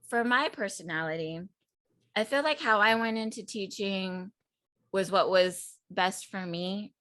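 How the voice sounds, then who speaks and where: A woman teacher and coach talking in a relaxed chat, reflective and quick to laugh. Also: medium pitch, no room sound. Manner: reflective, laughs often, leans on "I feel like" and "right?". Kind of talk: casual chat.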